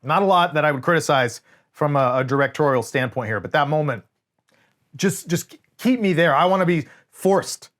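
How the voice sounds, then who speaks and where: A man's voice: on the high side, moderate pace. A man co-hosting a casual movie review, talking animatedly and swearing freely. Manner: animated, swears often, quotes scenes in voices. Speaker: podcast co-host.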